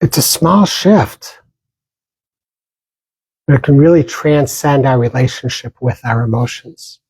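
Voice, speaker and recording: A man giving a dharma talk as a meditation teacher, speaking gently with pauses and small restarts. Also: mid-range voice, breathy edge, dry recording, low-quality recording.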